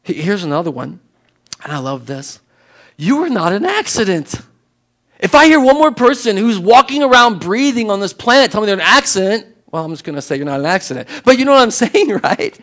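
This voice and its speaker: A man's voice: sits high, very animated, fairly quick, a bit bright. A man preaching a sermon in an emphatic, conversational way, acting out little exchanges with people. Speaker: pastor.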